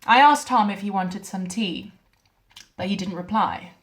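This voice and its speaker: An actress playing a young wife who records a shaken video message to her mother, speaking softly and haltingly. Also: medium pitch, lightly acted, low-quality recording. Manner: soft, hesitant, halting delivery with quiet dips. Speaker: actor in a short film. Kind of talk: dramatic monologue as a video message.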